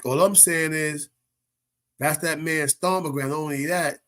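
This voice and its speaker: A man's voice: fairly high pitch, fairly even intonation, unhurried, fairly bright tone. A man giving casual, slangy commentary as a show host, often laughing and asking "you know what I mean". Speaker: show host reacting to viral clips.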